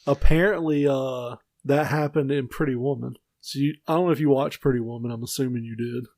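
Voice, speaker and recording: A man co-hosting a casual podcast, telling movie stories with lots of swearing and shouted impressions. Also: medium pitch, a little fast, dry recording. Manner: profane, animated storytelling with shouted impressions. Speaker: podcast co-host. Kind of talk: casual chat.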